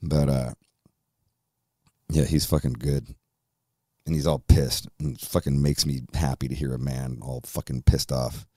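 A man's voice: very deep voice, expressive, measured pace, gravelly, pauses often, dark tone, breathy edge, no room sound. A man hosting a podcast, ranting in an angry, profane way, recorded on a close studio mic. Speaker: host.

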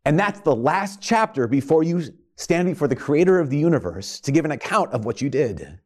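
A man's voice: on the high side, sing-song, a little fast. A man preaching a sermon, earnest, asking his listeners rhetorical questions and often restarting his sentences. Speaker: priest.

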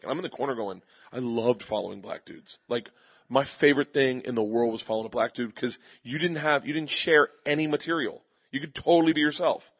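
A husky man spins animated comedy stories as an interview guest. He jumps into quick impressions of the people in his tales, with a slightly breathy edge to his voice. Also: mid-range voice. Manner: animated storyteller doing quick voices of others. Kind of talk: storytelling interview. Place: live audience at a comedy festival.

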